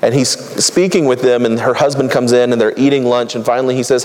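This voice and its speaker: A man's voice: medium pitch, steady tone, fast, hardly any pauses, darkish tone, long reverb tail. A man preaching a sermon in a conversational, humorous way, rattling off long lists.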